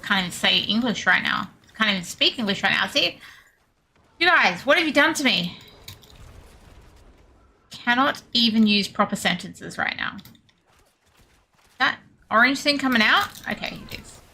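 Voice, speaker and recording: A young Australian woman chatting casually with her viewers while streaming a game, self-deprecating and quick to laugh. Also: fairly high pitch, expressive, bright, forceful tone, slightly rough. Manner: chatty, self-deprecating, laughs often, reads chat aloud. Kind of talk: casual gaming stream chat.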